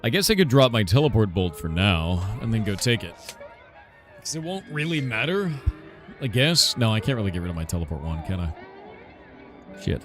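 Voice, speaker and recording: A man's voice: lowish voice, very animated, normal speed, pauses often, fairly bright tone, faint music behind, some chatter behind. A man streaming a game in casual chat, thinking aloud and swearing under his breath as he plays.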